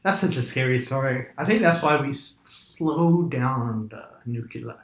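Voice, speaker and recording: A man's voice: mid-range voice, a little slow. A man chatting casually and animatedly, telling stories and slipping into mock voices. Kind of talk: casual chat. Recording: echoey room.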